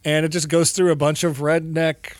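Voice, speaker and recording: A man co-hosting a casual podcast, wry and deadpan as he mocks what he watches. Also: fairly high pitch, normal speed, dry recording. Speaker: podcast co-host. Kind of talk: casual chat reviewing music videos.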